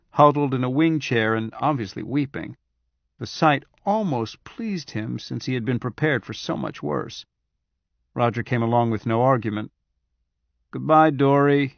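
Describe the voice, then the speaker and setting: A man narrating an audiobook in a steady, even-handed reading voice. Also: medium pitch, creaky, no room sound. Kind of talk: scripted narration. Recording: dry, slightly dull audiobook recording.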